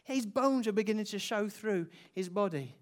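A preacher telling an emotional story in a sermon, slowing down and dropping soft for emphasis. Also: medium pitch, animated.

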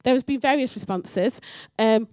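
Animated woman preaching. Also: fairly high pitch, moderate pace, no room sound, clean studio sound. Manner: animated storytelling, acts out dialogue. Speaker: church speaker. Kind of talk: personal sermon with story.

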